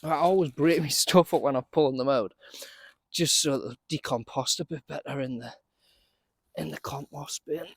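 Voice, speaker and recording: A man's voice: a little high, normal speed, slightly rough, no room sound. Chatty man gardening outdoors. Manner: chatty, talks to himself, laughs often. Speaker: allotment gardener vlogger. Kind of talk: casual running commentary while working.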